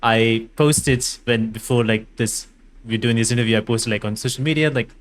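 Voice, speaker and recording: A man hosting a podcast interview, asking questions in a halting way, often repeating and rephrasing himself. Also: medium pitch, slight background noise. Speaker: podcast host.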